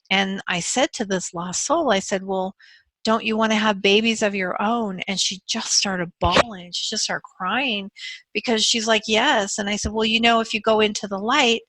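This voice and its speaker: A woman who works as a soul regression practitioner, talking earnestly and gently to her viewers with frequent fillers. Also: medium pitch, vocal fry, no echo. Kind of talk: casual talk to camera.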